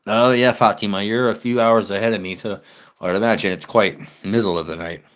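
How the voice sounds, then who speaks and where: Man, young, low voice, rambling livestream chat, swears a lot. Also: steady tone, a little fast, fairly bright tone. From United States. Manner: rambling, profane, blunt. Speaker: live streamer. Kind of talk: casual livestream chat reading comments.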